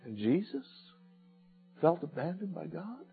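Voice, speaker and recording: Male preacher, slow deliberate delivery, dramatic swings between loud and hushed, tinny lo-fi sound, faint music behind. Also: fairly high pitch, big pitch swings, gravelly, breathy edge. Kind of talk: sermon.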